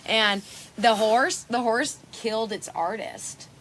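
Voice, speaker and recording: A woman hosting a podcast in casual chat, telling stories in a lively, chatty way. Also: on the high side, slow, slight background noise. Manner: chatty, animated storyteller. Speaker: podcast host.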